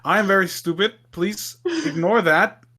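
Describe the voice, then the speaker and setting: A man's voice: high-pitched, unhurried, sharp tone. A man talking casually as a tabletop game player, self-mocking and apologetic. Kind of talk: casual chat.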